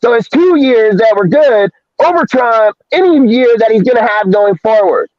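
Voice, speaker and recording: A man's voice: animated, moderate pace, no echo, highs cut off. A man ranting angrily and profanely on a sports talk stream, swinging his voice up and down. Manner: profane, ranting, swings between high and low pitch. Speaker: podcast co-host. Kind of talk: heated sports call-in rant.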